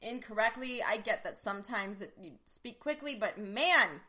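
A woman's voice: on the high side, lively intonation, moderate pace, pushed and bright. A woman co-hosting a casual chat podcast, telling stories animatedly and laughing often. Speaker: podcast co-host.

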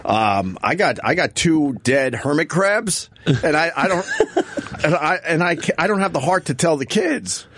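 A man's voice: a little high, animated, a little slow, fairly bright tone, a little hiss or hum. A man in his thirties in casual chat, telling an earnest, rambling story. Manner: earnest, rambling anecdote with restarts.

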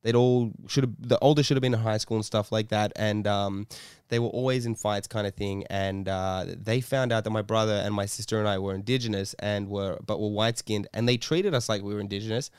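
A man's voice: fairly low pitch, fairly even intonation, brisk, hardly any pauses, clear, resonant tone, no room sound, studio quality. A young man co-hosting a podcast, telling a story in a rambling way with lots of fillers and laughter. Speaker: podcast co-host. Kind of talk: casual storytelling chat.

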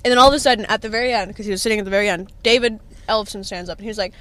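A woman's voice: medium pitch, very fast, fairly bright tone. A young woman in a band, telling stories and laughing in a casual group interview. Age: young adult. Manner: storytelling, laughing. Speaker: band member.

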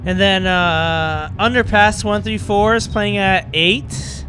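A man's voice: sits high, fairly even intonation, takes it slowly, noisy background. A drunk man, a band member guesting on a casual podcast, rambling and swearing heavily. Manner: rambling, heavy swearing, laughs a lot.

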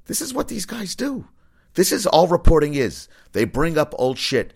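A man's voice: on the high side, big pitch swings, normal speed, gravelly, breathy edge. A man hosting a casual opinion commentary, blunt and rambling, swearing freely. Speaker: commentary host.

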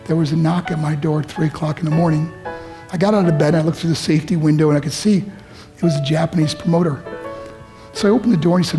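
A man's voice: on the high side, racing, warm tone, faint music behind. A man telling a personal story as a motivational speaker to teenagers, his voice rising with emotion.

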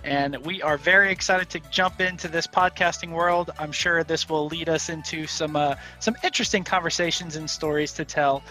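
A man's voice: a little high, fairly even intonation, moderate pace, hardly any pauses, pushed and bright, soft background music, low-quality recording. A man hosting a podcast in upbeat, joking casual chat, laughing easily. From Louisiana. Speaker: podcast host.

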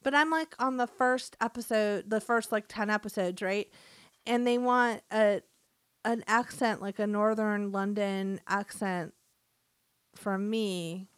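A woman's voice: medium pitch, steady tone, slow pace, clear, resonant tone, no echo. A woman in her thirties co-hosting a podcast, chatting casually and laughing, with a lot of "like" in her talk. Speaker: podcast co-host. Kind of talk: casual chat.

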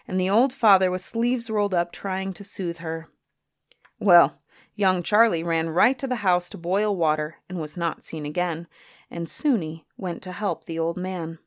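A woman storyteller reading a storybook aloud in an expressive, gently animated way. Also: mid-range voice, no room sound, studio quality.

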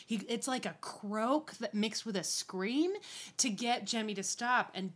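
A woman co-hosting a podcast, casually recapping a TV episode, animated and swearing freely. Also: a little high, measured pace. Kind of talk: casual chat.

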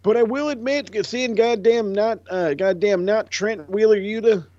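A man chatting casually on a podcast, loose and profane, jumping into quick impressions mid-story. The recording is dry and a little dull and lo-fi. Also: sits high, dry recording. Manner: animated, profane, acts out quotes. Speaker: podcast co-host. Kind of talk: casual wrestling chat.

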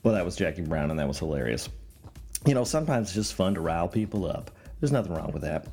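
Deep-voiced rambling podcast host. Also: male voice, sing-song, fast, gravelly, a little mellow, slightly rough, faint music behind. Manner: joking, teasing, rambling with fillers. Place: Pacific Northwest, rural mountains.

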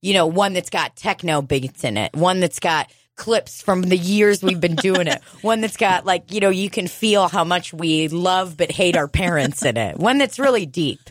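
A woman co-hosting a podcast, telling animated stories in casual chat, swearing and laughing often. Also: lowish voice, normal speed, hardly any pauses, dry recording, clean studio sound. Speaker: podcast co-host.

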